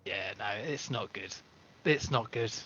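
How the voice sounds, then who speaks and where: A man's voice: mid-range voice, unhurried, pushed and bright. A man co-hosting a casual film review podcast, agreeable and easygoing, with some swearing. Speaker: podcast co-host. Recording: dull lo-fi podcast audio.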